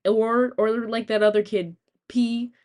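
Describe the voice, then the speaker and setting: A young American woman streams, telling rambling, animated stories in casual chat and swearing freely. Her voice is fairly high and she speaks slowly.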